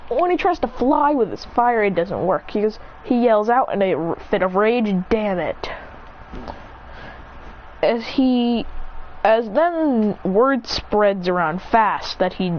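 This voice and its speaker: A woman casually narrating an improvised story, rambling and correcting herself as she acts out the characters' lines. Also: mid-range voice. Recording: dull lo-fi recording with faint noise.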